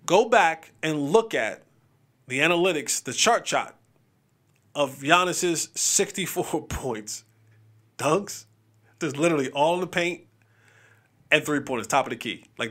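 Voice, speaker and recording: Lively high-voiced sports show host. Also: male voice, normal speed. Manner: animated, chatty, acts out players' lines. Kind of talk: casual sports commentary.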